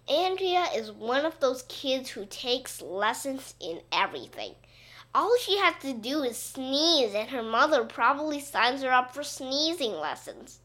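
A woman giving an expressive, playful read-aloud of a children's story. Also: high-pitched, measured pace. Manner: animated, playful, voicing a boy narrator.

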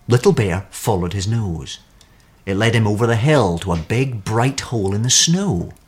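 A man reading a children's story aloud with expressive, animated storytelling. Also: on the low side, moderate pace, breathy edge.

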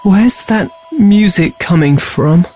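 A man's voice: sits high, animated, slow pace, dark tone, soft background music, voice pushed up. A man voicing Ferdinand, an earnest, lovestruck young prince, for a storybook reading. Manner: earnest, emotive.

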